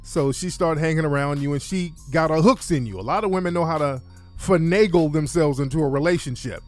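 A man's voice: fairly high pitch, fairly quick, a little mellow, soft background music. A man hosting a casual advice chat, brash and joking, often laughing as he talks. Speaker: advice show host.

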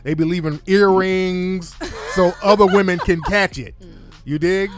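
A man's voice: high-pitched, steady tone, unhurried. Brash joking man hosting a chat. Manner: brash, joking, laughs often. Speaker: advice show host. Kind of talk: casual chat.

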